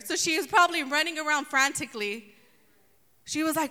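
A woman preaching a lively sermon, playfully acting out voices from the story. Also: high voice, moderate pace. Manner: animated, acts out voices of the story. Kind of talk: sermon with humor. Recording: long hall reverb.

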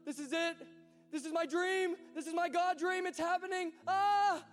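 A male preacher acting out an overjoyed young man who breathlessly repeats himself in disbelief as his dream comes true, loud and high. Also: fairly even intonation, normal speed. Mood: ecstatic. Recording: hall reverb with soft music.

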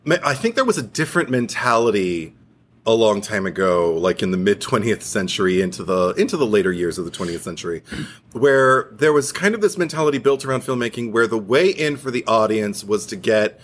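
A man's voice: on the low side, animated, brisk. A man co-hosting a podcast, chatting casually about a film in a rambling way, full of fillers and frequent laughs. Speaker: podcast co-host.

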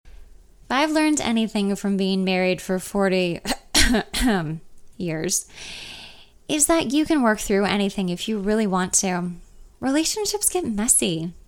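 A woman voicing a kindly, grandfatherly older male songwriter who speaks gently and encouragingly. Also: mid-range voice, very animated, a little slow. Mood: gentle.

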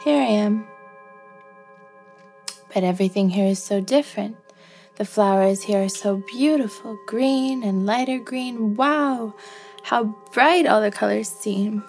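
A woman's voice: medium pitch, unhurried, creaky. A woman voicing a stubborn playful antelope. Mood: delighted. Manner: bubbly and coaxing, with whoops and giggles. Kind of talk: musical bedtime story. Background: soft music with chimes.

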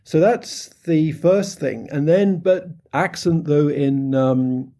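British guy, middle-aged, being interviewed, lots of ums and restarts, unhurried and kind of warm. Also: a little high. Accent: British English. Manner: hesitant, many ums and restarts. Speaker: phonetics researcher, interviewee. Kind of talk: unscripted interview answer.

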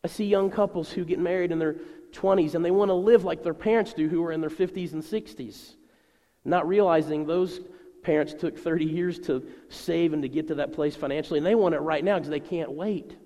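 A man preaching a sermon to a congregation, animated and acting out the voices he quotes. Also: a little high, fairly quick, in a large hall. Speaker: pastor.

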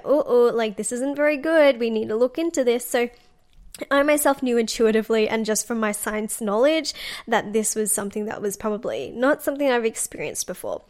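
Young woman podcaster, bright-ish higher voice, casual chatty storyteller full of "like"s. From Australia. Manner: chatty, animated, lots of "like" and acted-out quotes. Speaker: podcast host.

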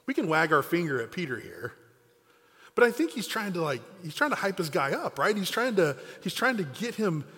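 A man's voice: sits high, very animated, fairly quick, a bit bright. A man preaching a sermon, telling stories in a conversational way and acting out the quoted lines. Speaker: pastor. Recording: long hall reverb.

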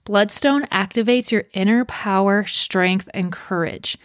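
A woman's voice: medium pitch, measured pace, no room sound. Upbeat woman podcast host, dry sound. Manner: upbeat, playful asides. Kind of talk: scripted podcast talk.

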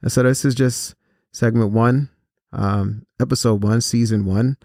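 A man earnestly telling a personal story to students in a measured way, with pauses and fillers. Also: medium pitch, fairly even intonation, a little mellow, no room sound, studio quality. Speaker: host and speaker on violence prevention.

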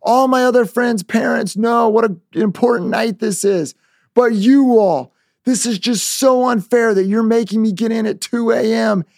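A man voicing a whiny teenage girl who protests to her father in a high, pleading tone. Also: normal speed, creaky, darkish tone, no echo, clean studio sound. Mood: indignant whine.

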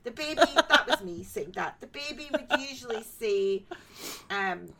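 A woman's voice: on the high side, lively intonation, measured pace, vocal fry, a crowd in the background. A woman co-hosting a podcast, telling folk tales in casual chat and laughing often. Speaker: podcast co-host.

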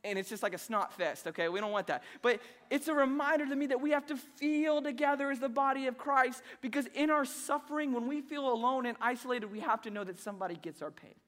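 A man's voice: extremely high pitch, fast, hardly any pauses, a bit bright, long reverb tail. A young adult man preaching a sermon to a congregation, playful and self-deprecating as he tells stories between his points. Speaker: pastor.

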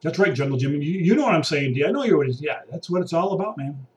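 A man's voice: on the high side, expressive, fast, recorded from a distance, slight background noise. A man ranting casually outdoors, sarcastic, acting out impatient people. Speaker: vlogger. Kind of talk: casual rambling monologue. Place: outdoors by water.

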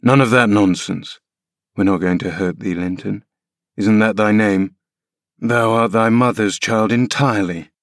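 A man's voice: lowish voice, measured pace, dry recording, clean studio sound. A man voicing a grim, scornful middle-aged man with a mocking, contemptuous delivery. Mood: cold.

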